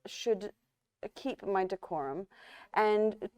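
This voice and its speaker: A woman player speaking in a drawn-out, mock-formal theatrical manner during improvised storytelling. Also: mid-range voice, mellow, smooth, no echo.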